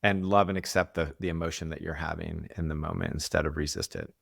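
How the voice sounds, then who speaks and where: A man's voice: very deep voice, steady tone, fast, vocal fry, fairly bright tone, husky, no echo, studio quality. A man, an executive coach, explaining ideas in a podcast interview, often restarting sentences and acting out quoted voices.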